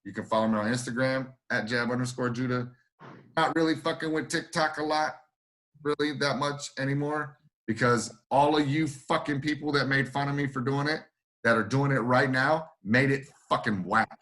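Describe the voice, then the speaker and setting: A man's voice: mid-range voice, normal speed, a bit bright. Emphatic, profane male podcast host. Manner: emphatic, profane, repeats himself. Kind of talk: casual podcast chat.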